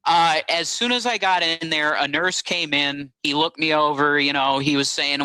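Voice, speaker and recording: A man guest on a talk show, recounting events in a halting, rambling way with many fillers. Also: fairly high pitch, steady tone, pushed and bright, clear, resonant tone, no echo, rough recording. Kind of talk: casual phone-in interview.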